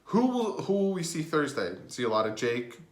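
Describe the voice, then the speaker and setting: A man giving casual fan commentary on his sports vlog, full of joking, sarcastic asides and sudden jumps in pitch. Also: very animated, normal speed. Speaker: sports vlogger. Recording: roomy echo.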